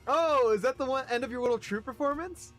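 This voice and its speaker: A man's voice: very high voice, brisk, a bit bright, faint music behind, pitched above the performer's own voice. A man voicing a smug, theatrical male swordsman who mocks his foes in a silky tone.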